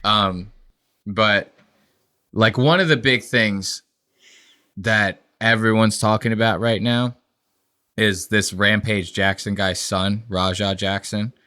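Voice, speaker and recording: A man's voice: fairly low pitch, slow, pauses often, clean tone. A young man co-hosting a podcast, rambling and profane in casual chat. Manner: profane, rambling storytelling with animated impressions. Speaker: podcast co-host.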